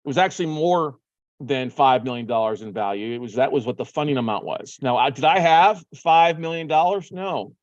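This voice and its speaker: A man's voice: medium pitch, lively intonation, brisk, no echo, lo-fi sound. A man hosting a show, telling a story casually and acting out his own phone calls. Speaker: podcast host.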